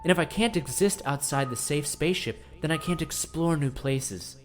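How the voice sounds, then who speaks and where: A man hosting a scripted comedy audio piece, earnest and gently idealistic. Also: a little high, moderate pace. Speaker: host.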